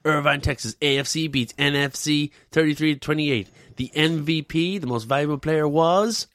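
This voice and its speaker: A man's voice: fairly high pitch, moderate pace, fairly bright tone, no room sound. Jokey, foul-mouthed man, dry mic. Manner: jokey, swears a lot, acts out silly voices. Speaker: podcast co-host. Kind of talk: casual banter podcast, reading historical dates.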